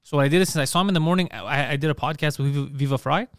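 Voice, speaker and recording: Fast-talking profane podcast man. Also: a little high, clean tone, no room sound, studio quality. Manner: profane, animated storytelling. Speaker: podcast host. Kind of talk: casual chat.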